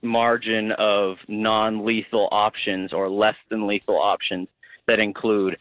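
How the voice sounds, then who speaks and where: Young guy on a phone line to a radio show, tinny, halting and hunting for words. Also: fairly low pitch, little pitch movement, no echo. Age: young adult. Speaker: caller. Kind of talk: call-in radio chat.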